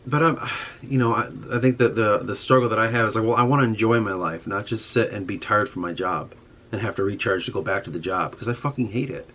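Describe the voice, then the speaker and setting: A man's voice: on the low side, quick pace, fairly bright tone. A young man in a casual monologue, ranting with frustration and heavy swearing. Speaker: podcast host.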